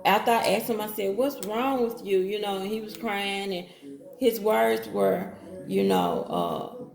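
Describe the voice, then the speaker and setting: Brief: woman storyteller, gravelly voice, casual and direct, echoey room. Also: mid-range voice, big pitch swings, unhurried, darkish tone. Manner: talks straight to viewers with Southern-style slang, quotes others in her own voice.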